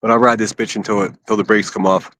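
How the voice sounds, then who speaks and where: A man's voice: on the low side, little pitch movement, fast, a bit bright, slight background noise. A man from Pittsburgh chatting casually and a bit crudely on a phone livestream from an outdoor city park. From Pittsburgh, USA. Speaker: IRL livestreamer.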